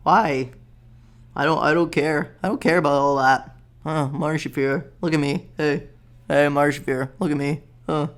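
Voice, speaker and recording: A man putting on a loud, dismissive male comedian, scoffing and repeating himself. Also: fairly high pitch, fairly even intonation, moderate pace, lightly acted.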